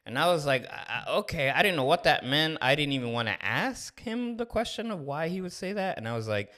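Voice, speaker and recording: A man's voice: a little high, brisk. A man in his thirties telling a candid personal story on a podcast, acting out the dialogue as he goes. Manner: candid, animated, acts out dialogue. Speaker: podcast co-host. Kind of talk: casual storytelling.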